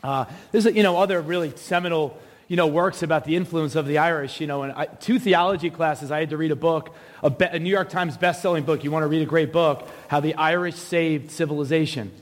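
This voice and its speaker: In a church sanctuary, a male pastor with a fairly high voice preaches briskly in a casual, joking manner, teasing his congregation from the pulpit. The sound has a big-room quality.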